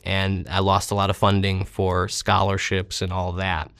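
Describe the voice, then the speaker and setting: Low-voiced man telling stories. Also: monotone, a little slow, fairly bright tone, dry recording, clean studio sound. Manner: rambling, self-deprecating humor. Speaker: interview guest. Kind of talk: casual storytelling interview.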